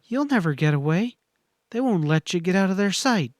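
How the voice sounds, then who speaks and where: A man's voice: high voice, expressive, moderate pace, no echo, clean studio sound, voice pushed up. A man reading a western audiobook, voicing an earnest, desperate young frontier woman in a pleading, breathless way. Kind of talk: audiobook character voice.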